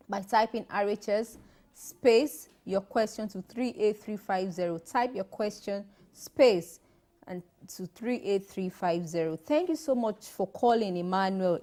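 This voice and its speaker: A Nigerian woman hosts a radio call-in show and reads out announcements in a brisk manner. Her voice sits at a middle pitch. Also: mellow. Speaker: radio host.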